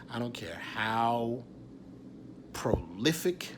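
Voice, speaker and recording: A man in his forties, an actor, talking candidly in a confessional vlog, raw and intense, often dropping to a hushed whisper and swearing freely. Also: medium pitch, expressive, a little slow, background noise. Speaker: actor and writer.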